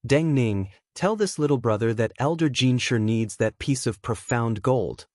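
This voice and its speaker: A man's voice: medium pitch, animated, unhurried, darkish tone, dry recording, clean studio sound, lightly acted. A man voicing a pushy, eager sect leader.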